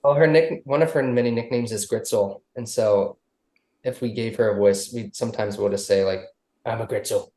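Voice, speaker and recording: A man's voice: medium pitch, fairly even intonation, brisk, warm tone. A man guesting on a casual podcast, loose and rambling with many restarts. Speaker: musician guest. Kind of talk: casual interview chat. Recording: roomy echo.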